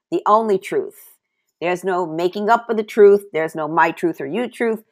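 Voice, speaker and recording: A woman's voice: on the low side, a little slow. A woman giving a devotional Bible teaching, mixing scripture reading with her own testimony and repeating key phrases for emphasis.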